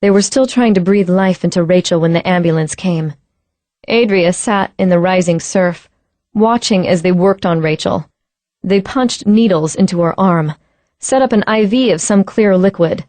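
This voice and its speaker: A woman's voice: medium pitch, mellow, dry recording. A woman reading an audiobook in tense, dramatic scripted narration at a close studio mic.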